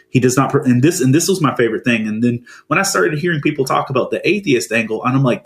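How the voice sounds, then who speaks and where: A man co-hosting a casual podcast chat, animated and jokey, reading quoted lines aloud with feeling. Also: mid-range voice, fast talker, few pauses. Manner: jokey, laughs while talking. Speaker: podcast co-host.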